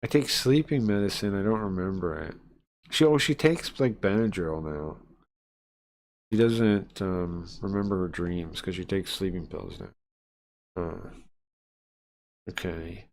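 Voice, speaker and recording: A man's voice: low-pitched, unhurried, pauses often, darkish tone. A man streaming a horror visual novel, reading its lines aloud and chatting casually in between, with plenty of fillers and asides. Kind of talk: live let's-play, reading game text aloud.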